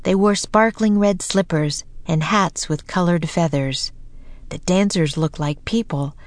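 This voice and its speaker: A woman narrating a children's storybook in a gentle, even way. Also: lowish voice, a little slow, no room sound. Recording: dry close recording, faint music.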